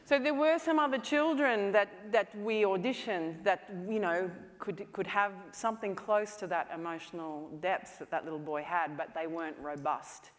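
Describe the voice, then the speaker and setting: A woman's voice: mid-range voice, moderate pace, hardly any pauses. A woman film director giving a conference talk, telling stories in a chatty way with lots of "you know" fillers. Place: conference hall stage. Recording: long hall reverb.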